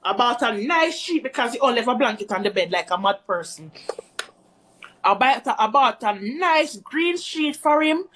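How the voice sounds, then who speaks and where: A woman's voice: fairly high pitch, expressive, normal speed, fairly bright tone, a little hiss or hum. A woman telling a rambling, chatty story to her viewers in a casual storytime vlog. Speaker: vlogger.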